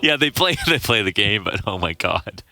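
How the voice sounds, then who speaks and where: A man giving live esports color commentary, animated and incredulous in his analysis. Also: on the low side, moderate pace.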